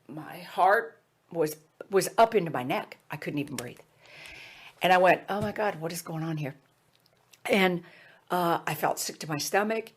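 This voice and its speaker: A woman with a notably low-pitched voice recounts her own life in a loose, conversational way. She talks frankly and pokes fun at herself, with plenty of "uh" and "you know" as she goes. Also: husky. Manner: conversational, animated, with frequent fillers and restarts; frank and self-deprecating. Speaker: speaker sharing a personal story. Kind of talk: candid personal storytelling.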